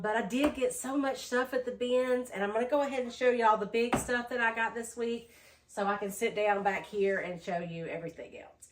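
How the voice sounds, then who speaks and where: A woman vlogging a casual thrift haul, chatty and tired, low on energy after being sick, with lots of "um"s. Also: a little hiss or hum. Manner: chatty, says "y'all", many "um"s.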